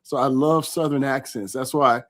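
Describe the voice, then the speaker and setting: A man's voice: mid-range voice, fairly even intonation, moderate pace, a bit bright. Chatty man hosting a live interview. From California. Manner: chatty, reads out viewer comments. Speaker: host.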